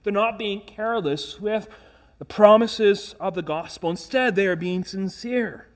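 Pastor, male, fairly high voice, earnest emphatic sermon delivery with rhetorical questions. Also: unhurried.

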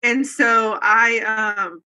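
An earnest woman in her thirties or forties tells a personal story as an interview guest. Her voice sits fairly high and sounds bright and forceful. She rambles a little, circling back with fillers and restarts. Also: fairly even intonation, drawn-out words. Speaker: guest telling a faith testimony. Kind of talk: casual conversational storytelling.

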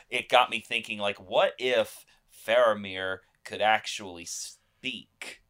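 Man, slow talker, bright voice, giggly storytelling. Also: fairly low pitch, steady tone. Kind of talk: casual movie-discussion chat.

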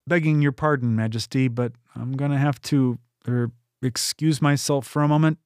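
A man voicing a scruffy, roguish male scoundrel who tries out foreign words in a halting, unsure way. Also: mid-range voice, fairly even intonation, a little mellow, clear, resonant tone, dry recording, clean studio sound, natural voice. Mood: sheepishly polite.

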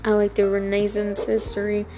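A young woman hosting a casual solo podcast, talking haltingly with many fillers and restarts. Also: mid-range voice, completely flat delivery, music in the background. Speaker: podcast host.

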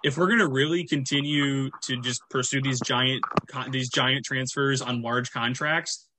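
A man's voice: medium pitch, fairly even intonation, normal speed, sharp tone. A man hosting a podcast, giving opinions on football and steering the talk. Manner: opinionated, wraps up segments. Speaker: podcast host. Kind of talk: casual sports chat.

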